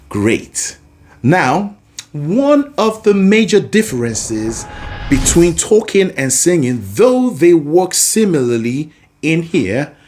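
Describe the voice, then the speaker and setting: A male vocal coach with a fairly high speaking voice leads a singing lesson. He talks slowly and deliberately. His asides are animated. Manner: animated, explains patiently with asides. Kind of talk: singing lesson with sung demonstrations.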